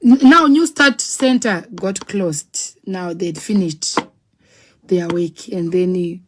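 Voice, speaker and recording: A woman telling her own story in a dramatic, animated way, acting out scenes with sound words. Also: on the low side, slow, slight background noise. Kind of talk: personal storytelling.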